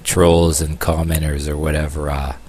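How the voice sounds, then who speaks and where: A man from the United States talking in a rambling opinion video, halting with many fillers and restarts and dropping sarcastic asides. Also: extremely low pitch, little pitch movement, darkish tone. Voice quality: long-haired, calls himself a hippie. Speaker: vlogger.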